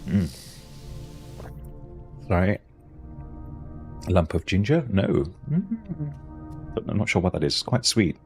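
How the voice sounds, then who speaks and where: A man's voice: low-pitched, animated, measured pace, long pauses, darkish tone, soft background music. A British man with a cold, giving wry, playful commentary while playing a game, with many ums and restarts. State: has a cold, coughing and sneezing. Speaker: game streamer. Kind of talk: casual gameplay commentary.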